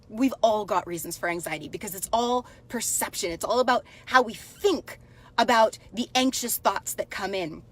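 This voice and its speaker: A woman in her thirties coaching live and talking straight to her viewers in a chatty, upbeat way. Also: mid-range voice. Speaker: life coach hosting a live stream. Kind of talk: casual live-stream coaching talk.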